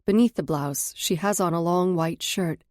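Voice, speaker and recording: A woman narrating a first-person romance audiobook in a measured, introspective way. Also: fairly low pitch, a little mellow, no echo, clean studio sound.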